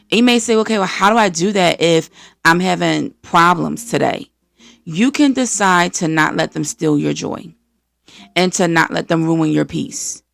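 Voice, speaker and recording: Gravelly-voiced American woman preaching encouragement. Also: fairly low pitch, no room sound. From East Coast of the United States. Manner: energetic, preachy, acts out quoted voices. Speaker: podcast host. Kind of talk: faith-based motivational talk.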